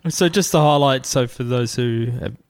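A man's voice: medium pitch, normal speed, smooth, dry recording. Podcast host guy, asks lots of questions, dry close sound. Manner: curious, asks prompting questions. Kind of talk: casual chat.

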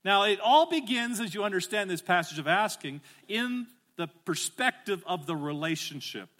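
Middle-aged man, pastor, sermon, bright forceful tone, animated, calls for repeats. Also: high voice, normal speed. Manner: animated, rising to emphatic calls; asks the congregation to repeat phrases.

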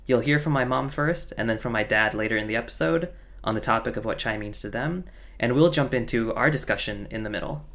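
A man co-hosting a podcast, reading a scripted intro in an upbeat, friendly and clear way. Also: medium pitch, brisk, a bit bright. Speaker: podcast co-host.

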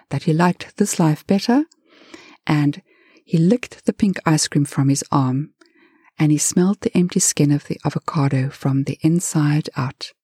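A woman narrates a story with a low, dark and husky voice. Her telling is lively and dramatic, recorded close and dry. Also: no echo.

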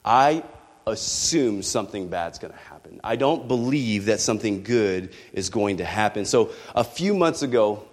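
Man preaching in a reverberant hall. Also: lowish voice. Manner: candid, personal storytelling with rising passion. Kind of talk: sermon.

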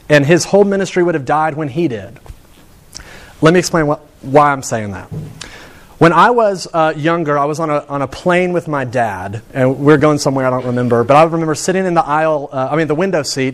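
A man preaching a conversational sermon, telling stories and building to points with rising emphasis. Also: fairly high pitch. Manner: chatty and storytelling, with frequent restarts and rising emphasis.

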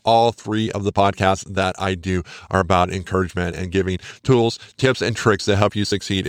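A middle-aged man hosting his own podcast, talking to listeners in an earnest and encouraging tone. His voice sits on the low side. The recording is close and dry. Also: no room sound. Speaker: podcast host. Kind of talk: casual solo podcast monologue.

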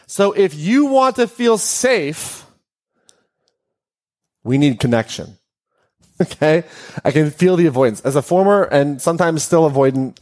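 A man hosting a podcast, speaking in an animated way to a live audience and putting questions to them. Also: high voice. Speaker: podcast host.

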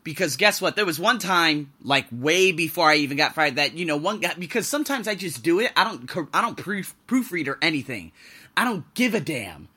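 A man's voice: on the high side, big pitch swings, a little fast, bright, forceful tone, slightly rough. A man hosting a casual podcast monologue, ranting bluntly about his job and swearing freely. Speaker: podcast host and English teacher. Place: living and working abroad.

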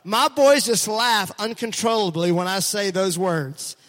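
A middle-aged male pastor with a high, bright-pitched voice delivers a lively sermon and keeps drawing the congregation in to answer back. His words ring out through a church with a long reverb trailing after them. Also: measured pace. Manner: energetic, conversational, calls on the congregation to respond. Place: church sanctuary.

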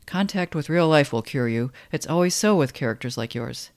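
A man's voice: a little high, a little fast, no room sound, clean studio sound, close to an everyday voice. A man reading as a pompous clever schoolboy. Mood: showing off. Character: pompous clever thirteen-year-old boy.

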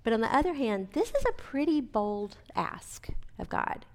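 Woman, Bible study teacher, casual and chatty, slight fry in the voice, asks listeners questions. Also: on the high side, big pitch swings, moderate pace.

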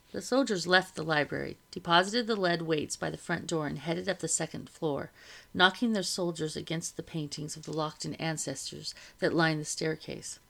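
A woman reading a novel aloud to listeners in a steady storytelling manner, with a gravelly voice. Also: deep voice, normal speed.

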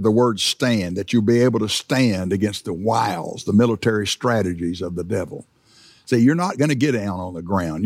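A man's voice: lowish voice, darkish tone, no room sound, clean studio sound. A middle-aged man, preaching a conversational sermon and repeating key words for emphasis.

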